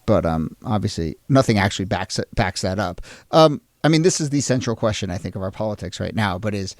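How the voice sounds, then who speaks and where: A man's voice: on the low side, lively intonation, fairly quick, no echo, clean studio sound. A man co-hosting a history podcast, earnest and reflective, stressing key words as he makes his points. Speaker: co-host of a history show. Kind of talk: analytical podcast discussion.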